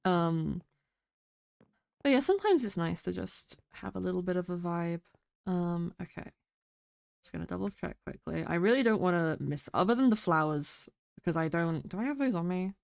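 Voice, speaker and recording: A woman's voice: on the low side, animated, moderate pace, creaky, no room sound. Sick woman mumbling close to the mic. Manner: quiet, mumbling. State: sick, rough throat. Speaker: streamer. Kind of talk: casual stream chat.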